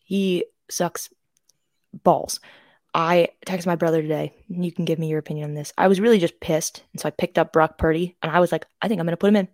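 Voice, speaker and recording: Young woman, podcast co-host, casual chat, lowish pitch, dry close sound, rambling storyteller. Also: steady tone, fairly quick, a little mellow, no room sound. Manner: chatty storyteller with many fillers and restarts.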